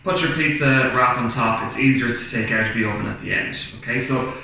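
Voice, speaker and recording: A man, a primary school teacher giving a cooking lesson to children and asking them questions in a slow, clear, encouraging way. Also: medium pitch, pushed and bright. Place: home kitchen. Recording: very echoey room, faint background noise.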